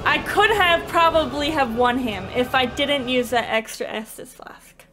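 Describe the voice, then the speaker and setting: A young woman commenting live on her own gameplay, excitable, with frequent yelps and laughs. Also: sits high, normal speed, a little hiss or hum. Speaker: streamer playing a game. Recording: game music playing behind.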